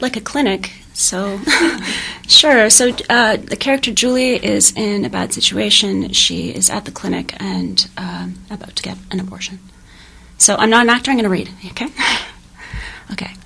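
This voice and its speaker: A woman in a radio studio, introducing and then reading a dark, wry monologue, hesitant and soft at first. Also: medium pitch, normal speed, vocal fry, a little hiss or hum. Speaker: guest writer reading a monologue.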